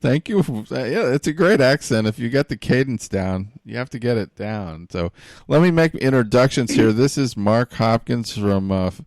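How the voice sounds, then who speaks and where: A man's voice: medium pitch, animated, moderate pace, hardly any pauses, darkish tone, no echo. Dry-sounding male talk show host. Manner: laughs easily, joking. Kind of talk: call-in talk show chat.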